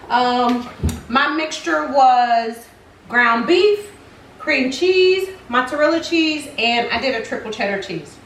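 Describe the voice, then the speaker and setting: Chatty high-voiced woman in kitchen. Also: a bit bright, a little hiss or hum. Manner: chatty, exclaims while tasting. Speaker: cooking channel host. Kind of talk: casual cooking vlog. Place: home kitchen. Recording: roomy kitchen, mic at a distance.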